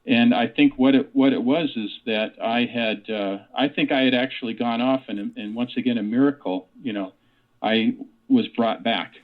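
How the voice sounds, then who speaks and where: A man's voice: mid-range voice, steady tone, moderate pace. A man in his sixties telling a personal story as an interview guest, rambling with many fillers and restarts. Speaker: guest, author and parapsychologist. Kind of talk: casual storytelling in a radio interview. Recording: tinny phone line.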